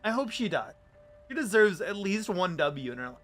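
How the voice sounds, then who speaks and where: A man's voice: high-pitched, very animated, moderate pace, a bit bright, faint music behind. A man streaming live, chatting with viewers in a rambling, playful way. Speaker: VTuber streamer. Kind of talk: casual livestream chat.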